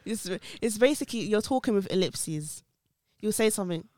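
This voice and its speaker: A woman speaks bluntly and teases her friends in relaxed conversation. Her voice sits in a middle pitch. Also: moderate pace. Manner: blunt, teasing. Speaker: podcast co-host. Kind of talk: casual chat.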